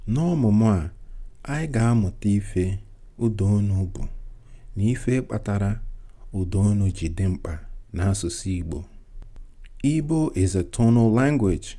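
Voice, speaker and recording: A man gives a beginner language lesson in a slow, unhurried voice. His tone is warm and mellow, and he repeats every phrase carefully in two languages so learners can follow. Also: lowish voice, lively intonation. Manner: slow and deliberate, repeating each line in English and Igbo. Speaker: language teacher.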